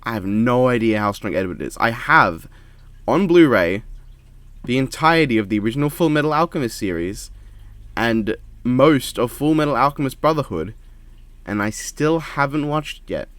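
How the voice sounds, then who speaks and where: A man giving casual reaction commentary at home, speaking quietly in a monotone and rambling with frequent restarts into a microphone. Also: medium pitch, normal speed, dry recording. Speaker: reaction video creator. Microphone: desk microphone.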